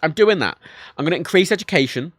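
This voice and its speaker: A man's voice: a little high, fast talker, no room sound, studio quality. A man from Ireland with an Irish accent, chatting casually and swearing freely while commenting on a game he plays on stream. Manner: animated, sweary, rambling. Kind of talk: casual livestream gameplay commentary.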